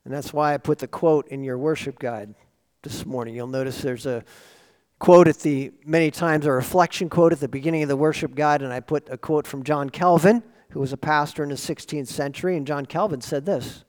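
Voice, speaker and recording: A pastor preaching a sermon to his congregation, building emphasis with sudden loud swells on key words. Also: on the high side, fairly quick. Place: church sanctuary. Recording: long hall reverb.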